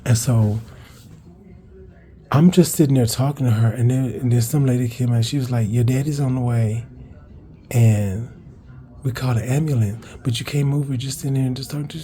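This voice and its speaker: A man casually telling a personal story, rambling and cursing, with restarts and higher-pitched acted-out quotes. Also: fairly even intonation, moderate pace, long pauses, mellow. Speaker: vlogger telling a childhood story.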